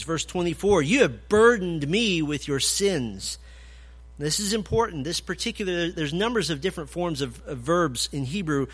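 A man preaching an expository sermon, emphatic, swinging from loud declarations to low, quiet points. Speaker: pastor.

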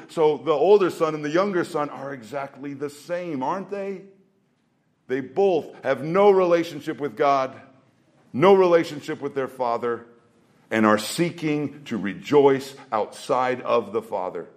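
A man's voice: mid-range voice, expressive, a little slow, a little mellow. A man preaching a sermon, earnest and emphatic, who repeats phrases for weight. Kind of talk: sermon with scripture reading.

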